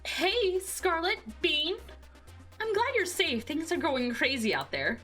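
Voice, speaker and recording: A woman voicing a cheerful, energetic young woman in a visual novel game. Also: very high-pitched, slow pace, faint music behind, voice pushed up, heavily acted. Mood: urgent.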